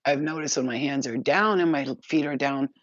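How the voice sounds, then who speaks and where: A woman telling spiritual stories in a casual, animated and profane way, often laughing. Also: very deep voice, brisk, no room sound, lo-fi sound. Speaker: spiritual vlogger. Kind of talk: casual storytelling.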